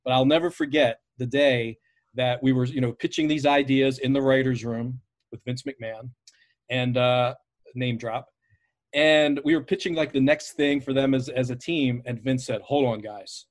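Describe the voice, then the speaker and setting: A man's voice: medium pitch, steady tone, moderate pace. A man hosting a casual podcast interview, asking long rambling questions with plenty of fillers. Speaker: podcast host.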